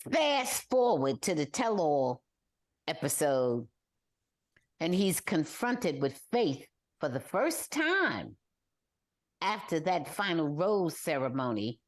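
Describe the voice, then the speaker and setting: An older woman co-hosting a casual podcast chat, talking in an animated way and mimicking people with exaggerated high wails. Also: slow pace. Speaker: podcast co-host.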